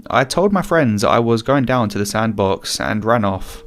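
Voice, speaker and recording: A man reading a first-person horror story aloud in a calm storytelling manner. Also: on the low side, normal speed. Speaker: narrator. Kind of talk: scripted narration.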